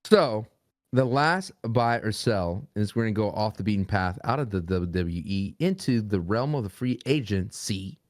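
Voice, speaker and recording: A man co-hosting a casual podcast, running the segment with brisk prompts and quick quips. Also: fairly low pitch, expressive, dry recording, clean studio sound.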